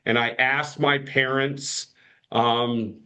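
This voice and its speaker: A man's voice: mid-range voice, level tone, slow, bright, forceful tone, clear, resonant tone. A man in his fifties, a podcast guest, telling stories with many restarts and fillers and acting out quoted voices. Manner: rambling, frequent restarts and fillers. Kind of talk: casual storytelling.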